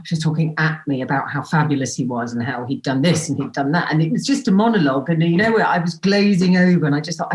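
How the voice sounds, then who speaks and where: A woman telling dating stories as a podcast guest, animated and theatrical, acting out the dialogue. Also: low-pitched, fast, few pauses. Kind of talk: anecdotal storytelling. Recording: roomy echo.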